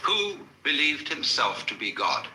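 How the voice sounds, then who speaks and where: Man giving a talk to an audience, dry witty asides, very bright tone, roomy hall sound. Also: fairly high pitch, very animated, measured pace, slight background noise. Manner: wry, storytelling, with dry asides. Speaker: lecturer. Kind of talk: public lecture to a live audience.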